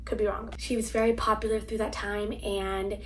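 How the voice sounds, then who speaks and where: A woman's voice: medium pitch, level tone, normal speed. A teenage girl chatting casually about books she read, rambling with lots of fillers. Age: teens. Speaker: book vlogger. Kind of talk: casual reading wrap-up chat. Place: home, family noise nearby.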